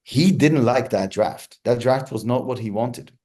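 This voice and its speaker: A man's voice: medium pitch, unhurried. A man being interviewed as a hostage negotiator, telling stories reflectively with frequent restarts. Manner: thoughtful, many restarts, relaxed storytelling pace.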